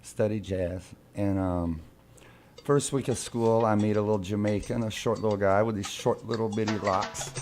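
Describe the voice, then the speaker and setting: A man in his fifties from Oklahoma, a radio guest telling a story in a rambling, halting way with many restarts. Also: lowish voice, steady tone, darkish tone, slight background noise. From Oklahoma, USA. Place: radio studio.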